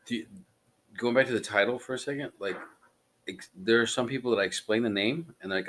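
Jokey male podcast co-host with a lowish voice, riffing casually. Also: fairly bright tone. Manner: jokey, quick to riff. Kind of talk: casual chat.

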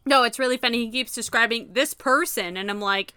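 A woman co-hosting a casual podcast, animated and laughing often, swearing freely as she recaps an old sitcom. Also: fairly high pitch, a little fast, clear, resonant tone, no echo. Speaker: podcast co-host.

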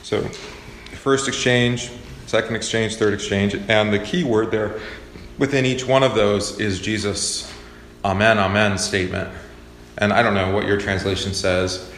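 A man teaching a Bible study class in a relaxed, conversational way, with many fillers. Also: fairly low pitch, unhurried, slight background noise. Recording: echoey hall with faint ambience.

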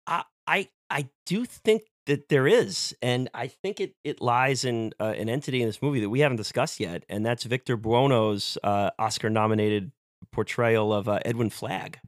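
Man, podcast co-host, rambling, stop-start, mid pitch, dry sound. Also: no echo. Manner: rambling, halting, many restarts. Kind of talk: casual film discussion.

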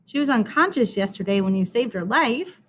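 A woman reading a storybook aloud, voicing a little schoolgirl who talks in a tearful, high, pleading way. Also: expressive, moderate pace, a little hiss or hum, close to an everyday voice. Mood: relieved.

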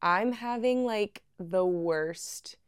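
A young woman tells her story in a chatty, animated way, laughing easily as she goes. Her voice is smooth and clear. The sound is dry and close, with no room echo. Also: medium pitch, extremely slow. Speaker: podcast host. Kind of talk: casual storytelling. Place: at home.

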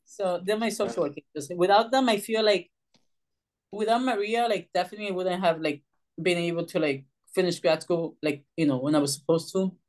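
A woman's voice: lowish voice, fairly quick, darkish tone. A woman social worker from Puerto Rico, telling her story as a podcast guest in a chatty way, full of "you know" and "um". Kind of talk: casual storytelling.

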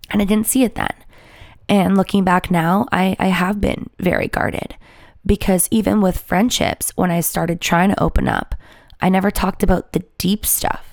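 A woman's voice: medium pitch, fairly even intonation, normal speed, creaky, a little mellow, no room sound, clean studio sound. A woman in her twenties, a YouTuber telling a personal story to her viewers in a candid, rambling way, full of "like" and restarts. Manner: rambling, confessional, heavy with "like" and restarts.

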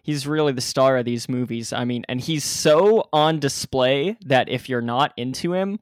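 A man's voice: mid-range voice, normal speed, clear, resonant tone, dry recording, clean studio sound. A man co-hosting a casual movie review chat, thoughtful and rambling. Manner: thoughtful, rambling, many fillers. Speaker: podcast co-host.

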